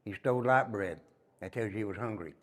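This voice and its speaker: An older man with a Tennessee Southern accent, a former inmate telling stories as he guides a tour through an old prison, emphatic and dropping to a low murmur on his repeated asides. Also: brisk. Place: inside an old prison building. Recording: long reverb in hard rooms.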